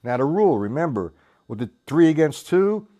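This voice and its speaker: A man's voice: fairly high pitch, very animated, normal speed, dark tone. A man giving a casual drum lesson. He counts beats aloud and talks in loose, restarting sentences, dropping in "man" here and there. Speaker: drum teacher.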